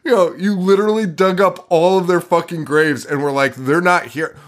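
A man's voice: high-pitched, normal speed. A man hosting a podcast, recapping a movie in a casual, profane style, laughing often. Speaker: podcast host.

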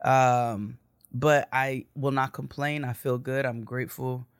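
A woman's voice: rumbling low, fairly even intonation, measured pace, smooth, no echo, clean studio sound. Playful, slangy woman co-hosting a podcast. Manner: playful and slangy, breaks into sing-song bits. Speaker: podcast co-host. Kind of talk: casual chat.

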